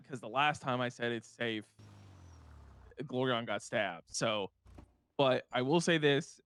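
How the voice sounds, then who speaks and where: Stammering young man with a smooth, groggy voice. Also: mid-range voice, fairly bright tone, no echo. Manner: stammering, rambling, self-amused. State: groggy morning voice. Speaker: roleplay player. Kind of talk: casual roleplay chat.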